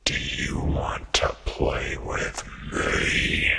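A man voicing a menacing demonic hedgehog in a horror game, with a slow, breathy, taunting whisper. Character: demonic evil hedgehog, male, menacing villain.

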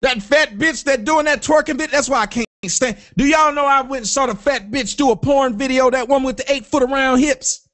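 High-voiced man hosting a loud rant. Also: fairly quick. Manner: loud, profane, animated, breaks into sung chants. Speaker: host. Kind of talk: comedic rant on an online talk show.

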